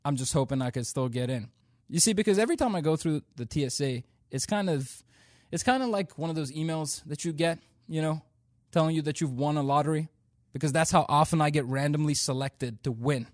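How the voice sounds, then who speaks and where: Young man from India, stand-up comic; playful, self-mocking delivery, slightly high voice, close and dry sound. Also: brisk, no echo. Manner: self-deprecating, playful storytelling. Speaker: stand-up comedian. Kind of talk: stand-up comedy routine.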